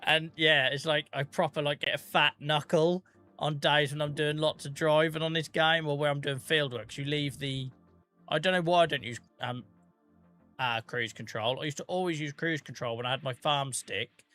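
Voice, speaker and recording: A man's voice: on the high side, fairly even intonation, normal speed, bright, forceful tone, soft background music. A British man chatting casually on a live gaming stream, joking, teasing his chat and swearing freely. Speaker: game streamer.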